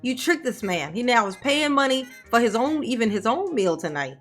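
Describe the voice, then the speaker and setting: A woman hosting a reaction commentary show, sassy and quick with jokes, laughing often. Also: on the high side, very animated, soft background music. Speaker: commentary channel host.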